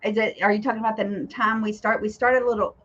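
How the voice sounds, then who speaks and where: A woman, giggly and animated as she tells stories in a casual chat. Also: mid-range voice, quick pace. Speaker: co-host of a vintage-selling chat stream. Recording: muffled lo-fi stream audio.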